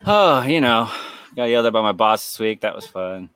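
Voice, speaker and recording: A man's voice: medium pitch, lively intonation, normal speed, a bit bright, clear, resonant tone, dry recording. A man co-hosting a horror podcast, chatting casually with wry, profane jokes. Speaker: podcast co-host. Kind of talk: casual chat.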